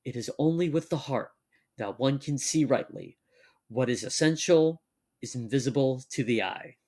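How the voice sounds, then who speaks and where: Young man, co-host, casual chat, jokey, reads aloud at a measured pace. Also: medium pitch, a little mellow. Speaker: podcast co-host.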